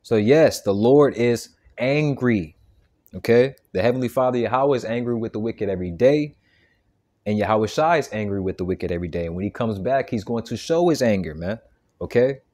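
A preacher delivers an informal sermon in a fairly low, warm, expressive voice at a brisk pace. He's emphatic and stammering, restarting and repeating words, and tags nearly every phrase with "man" and "okay."

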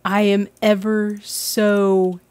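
Woman, let's play host, casual game commentary, slow unhurried delivery, dry close mic. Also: medium pitch, little pitch movement, a little mellow, dry recording. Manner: chatty and self-deprecating, laughs often.

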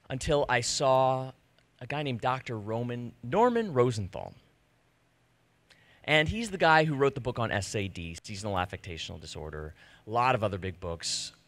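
A man in his thirties telling a personal story to a live audience, animated and self-deprecating, acting out the conversations he recounts. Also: lowish voice, dry recording. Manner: animated, self-deprecating, acts out quoted exchanges. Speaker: speaker giving a personal talk. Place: stage before an audience.

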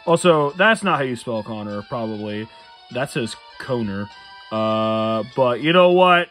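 Lively, tired young man doing let's-play talk. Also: medium pitch, measured pace, faint music behind. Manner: rambling, self-amused, chuckles often. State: tired late at night. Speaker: gamer playing a Nuzlocke run. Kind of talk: casual let's-play commentary.

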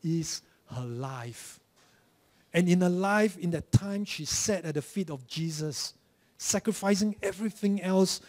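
A man's voice: high voice, measured pace, a little mellow. A man with a Malaysian English accent preaching a sermon in church, telling stories and acting out mocking voices before a direct challenge. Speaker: pastor.

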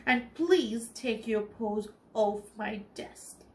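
A woman's voice: fairly high pitch, very slow, darkish tone, reverberant. A woman reading aloud, voicing a fussy, easily flustered male mouse who edits a newspaper in a children's storybook. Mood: exasperated. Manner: fretful, exasperated.

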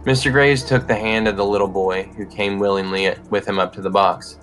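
A man reads a short story aloud in a measured, even storytelling manner. His voice sits on the low side. Faint music plays beneath. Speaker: narrator. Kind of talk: story reading.

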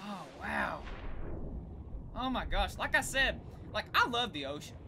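A young woman in casual let's-play commentary, excitable and gasping, chattering to the creatures she meets. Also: mid-range voice, measured pace, background noise. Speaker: gameplay video creator.

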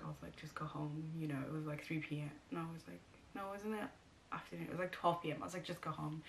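A woman's voice: sits low, gravelly, fairly bright tone, a little hiss or hum. A young woman and new mother chatting to camera, telling a personal story with lots of fillers and acted-out quotes.

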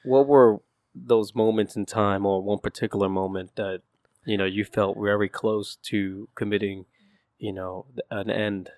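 A male host with a fairly low voice, feeling his way through his questions to a guest. He sounds hesitant and careful, and the recording is dry. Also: steady tone, measured pace, a little mellow, dry recording. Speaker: interviewer host. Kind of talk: conversational interview questions.

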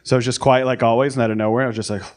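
A young American man doing a stand-up set, telling stories in a deadpan, self-deprecating way. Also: medium pitch, racing. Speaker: stand-up comedian. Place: comedy club stage, live audience. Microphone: handheld stage mic. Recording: live club with loud crowd laughter.

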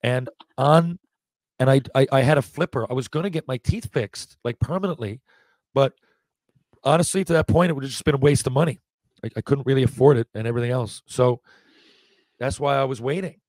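A man in his forties, a podcast guest, telling lively anecdotes in casual talk, acting out what people said and often restarting his sentences. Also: mid-range voice, a little fast, no room sound. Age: 40s. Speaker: podcast guest, former hockey player. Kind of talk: casual storytelling.

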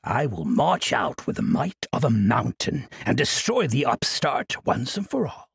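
A man voicing a proud, menacing male ice demon lord in an audiobook, with a deep, gravelly voice. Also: huge pitch swings, unhurried, no echo, studio quality, heavily acted. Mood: grim.

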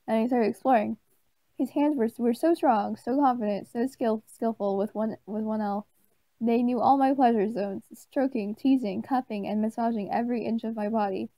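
A woman with a slightly high, mellow voice reads a story aloud in a flat, deadpan way. She trips over words and cuts in with swearing and snide asides. The sound is dry and close. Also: dry recording, poor audio. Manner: deadpan reading, stumbling and breaking off to swear and make snide asides. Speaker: channel host reading aloud. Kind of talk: mock dramatic reading of a story.

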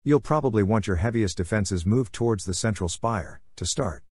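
An earnest young female scholar argues with hope and urgency, as a man reads her lines. The voice stays low and plain. It is recorded dry and close. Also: lively intonation, moderate pace, darkish tone, husky, no echo.

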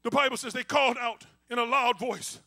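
A male pastor preaching a call-and-response sermon, swinging from quiet asides to shouting and talking to the congregation informally. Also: extremely high pitch, fairly even intonation, fairly quick. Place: church.

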